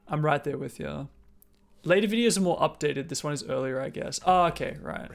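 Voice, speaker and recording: Australian man, casual stream chatter, a bit of fry in the voice. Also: fairly high pitch, very animated, moderate pace. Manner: chatty, swearing, thinking out loud, reacting to a video. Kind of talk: casual live-stream chat.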